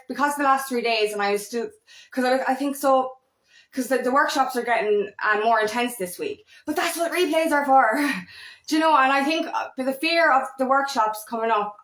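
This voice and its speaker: High-voiced woman coach rambling earnestly. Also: a bit bright. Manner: rambling, restarts and repeats words, earnest; occasional swearing. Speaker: feminine empowerment coach. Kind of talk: casual motivational vlog. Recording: echoey room.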